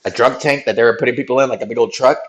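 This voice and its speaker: A man's voice: mid-range voice, steady tone, rapid-fire, highs cut off. A man streaming, telling a rambling, slang-filled story and asking "right?" again and again. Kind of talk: casual storytelling recap.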